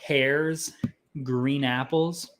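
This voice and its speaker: A man's voice: medium pitch, fairly even intonation, drawn-out words, background noise. A young man hosting a casual whiskey tasting chat, rambling and self-deprecating, with lots of fillers. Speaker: whiskey tasting show host.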